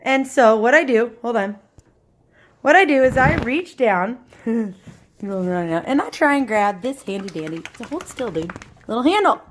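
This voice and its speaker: A woman telling a story to her camera at home, animated, acting out voices and sound effects. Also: fairly high pitch, a little slow, slight background noise.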